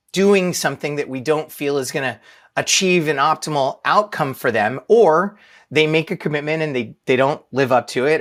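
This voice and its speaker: A man's voice: on the high side, fairly bright tone. A man in his thirties giving a casual leadership talk to a live audience, telling stories with a self-deprecating touch and asking the room questions. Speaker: leadership speaker.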